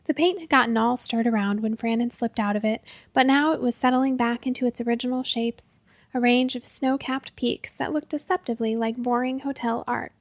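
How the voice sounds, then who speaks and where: A woman narrating a short fantasy story in a calm, even storytelling manner. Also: a little high, a little fast, no room sound. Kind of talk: audiobook story reading.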